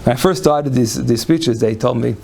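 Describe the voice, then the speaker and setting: A man's voice: mid-range voice, normal speed, vocal fry, a little mellow, a little hiss or hum. A man lecturing on Jewish law to a live audience, folksy and conversational, often restarting his phrases. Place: lecture room before an audience.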